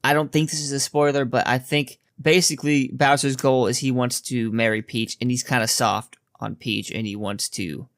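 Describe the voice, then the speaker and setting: A man giving a casual spoken movie review in a relaxed, chatty way, with frequent filler words. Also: medium pitch, normal speed, hardly any pauses, no echo, studio quality.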